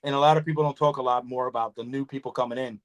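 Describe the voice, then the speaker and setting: A man hosting a casual podcast chat, telling animated stories, swearing freely and acting out conversations. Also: mid-range voice, rapid-fire. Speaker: podcast host, snake breeder.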